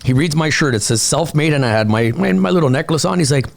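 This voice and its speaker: A man who is a comedian, telling stories as a guest in a casual podcast chat, animated and profane. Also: fairly high pitch, fast, vocal fry. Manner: animated storytelling, frequent swearing.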